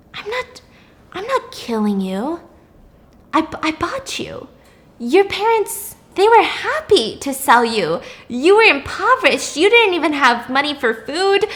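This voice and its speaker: A woman voicing a scheming male doctor who talks softly and persuasively to a captive girl. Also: high-pitched, voice pushed up, full character voice.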